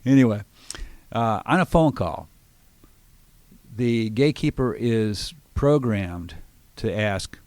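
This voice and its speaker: Middle-aged guy giving sales tips on a radio show, lowish voice, dry close mic, sure of himself. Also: animated, takes it slowly, long pauses, a little mellow, dry recording. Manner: confident, explanatory, acts out phone lines. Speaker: sales trainer and show host. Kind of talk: radio business talk, coaching. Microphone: studio microphone.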